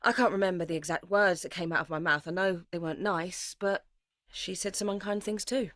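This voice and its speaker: A woman's voice: lowish voice, fairly even intonation, a little fast, fairly bright tone, dry recording, studio quality, close to an everyday voice. An actress playing a young woman playwright who narrates her life in an intense, confessional voice. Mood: weary. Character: young woman playwright, anxious, grieving and bitter. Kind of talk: dramatic first-person narration.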